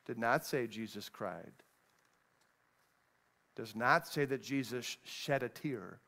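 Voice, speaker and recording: A man, a pastor, preaching a sermon, moving between raised, emphatic lines and hushed, low passages as he reads scripture. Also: slow pace, vocal fry. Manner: reads scripture in old-fashioned wording.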